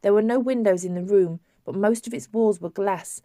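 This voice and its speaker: A woman narrates a novel in a measured, even storytelling manner, at a middle pitch. Her voice is close and dry, with no room sound. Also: dry recording. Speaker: audiobook narrator. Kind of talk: scripted narration.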